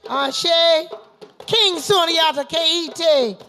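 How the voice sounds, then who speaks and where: A woman leads a libation rite in a high, bright voice, chanting slow, drawn-out invocations and repeating the same refrain again and again. Faint music plays softly behind her. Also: vocal fry. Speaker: libation ceremony leader. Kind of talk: ritual invocation with call-and-response. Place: gathering at an institution.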